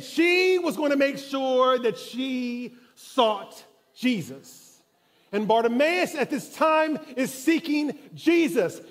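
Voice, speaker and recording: Male pastor, sermon in a church; high voice, very lively pitch, dramatic storyteller. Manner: dramatic storytelling, building intensity. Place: church sanctuary.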